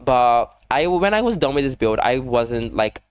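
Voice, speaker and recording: A man talking casually over a game build video, rambling fast with lots of fillers and self-deprecating asides. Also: mid-range voice, sing-song, clear, resonant tone. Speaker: gaming YouTuber.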